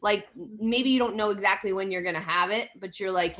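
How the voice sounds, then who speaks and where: Female group coach on a video call, encouraging, conversational delivery, average pitch. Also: brisk, few pauses, fairly bright tone.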